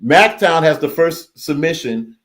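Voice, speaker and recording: A man's voice: on the high side, animated, measured pace, a bit bright. A man hosting a casual live reaction stream, reading viewer comments aloud and repeating his phrases as he goes. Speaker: livestream host reading chat.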